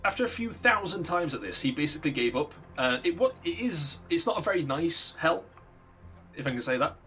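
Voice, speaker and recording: Soft background music plays as a young streamer with a sharp, sing-song, somewhat high voice talks a little fast. He's casually recounting a long backstory, rambling, swearing, and often breaking off to restart sentences.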